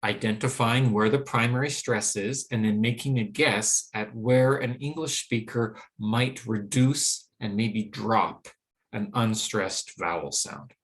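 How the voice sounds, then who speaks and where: A man teaching English pronunciation in a recorded lesson, explaining clearly and saying example words slowly and deliberately. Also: lowish voice, a bit bright.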